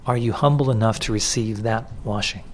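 A man's voice: lowish voice, brisk, slight background noise. Conversational man preaching a sermon. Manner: conversational, repeats words for emphasis. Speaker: pastor. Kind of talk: expository sermon.

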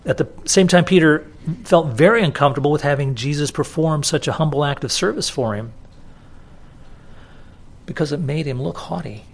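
A man preaches an expository sermon at a normal pace in a voice on the high side. He keeps it conversational and repeats words to stress them.

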